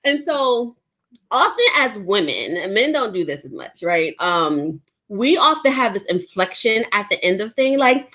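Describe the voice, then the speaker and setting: A woman's voice: on the high side, sing-song, normal speed, fairly bright tone. A woman from the Bronx, a business coach, talking emphatically in an online workshop, laughing often and tagging lines with "right?". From the Bronx, New York. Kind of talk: energetic online workshop chat.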